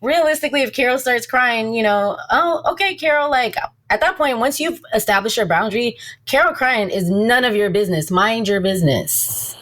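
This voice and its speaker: A woman's voice: fairly high pitch, fairly quick, hardly any pauses, a bit bright. A woman therapist speaking in casual interview chat. She is direct and assertive and uses down-to-earth slang.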